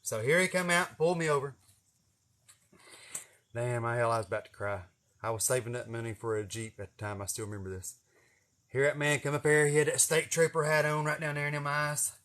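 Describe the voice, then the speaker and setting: A man's voice: mid-range voice, brisk, a bit bright. A man in his forties with an East Tennessee accent, telling a rambling, profane, folksy story on his vlog. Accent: Southern US, East Tennessee. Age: 40s. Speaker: vlogger. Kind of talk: casual storytelling.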